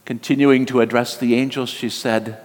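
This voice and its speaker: A man's voice: mid-range voice, flat delivery, normal speed. A man preaching a sermon, telling a story in an earnest, emotive way with rising emphasis. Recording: long hall reverb.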